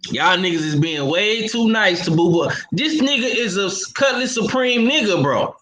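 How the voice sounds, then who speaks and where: A man's voice: sits high, animated, normal speed, fairly bright tone. A man on a panel talking bluntly and profanely in a heated casual chat, in an echoey room. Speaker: podcast panelist.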